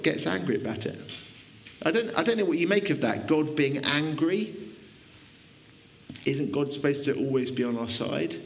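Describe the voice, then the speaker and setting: A man preaching a sermon in a church, conversational and animated, often restarting his sentences. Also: medium pitch, vocal fry, muffled recording, slight background noise.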